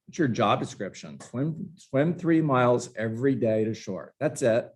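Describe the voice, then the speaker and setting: A man's voice: medium pitch, lively intonation, moderate pace, hardly any pauses. A man teaching a live book-study lesson to a room of agents, passionate and emphatic, with sarcastic asides. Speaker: real estate trainer.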